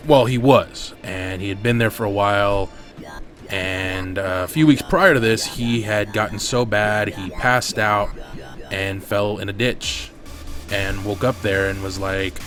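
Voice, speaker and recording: A man's voice: fairly low pitch, normal speed, a bit bright, faint music behind. A man hosting a gaming channel, telling a long personal story over his gameplay in a candid, swearing, rambling way, on a desk mic at home.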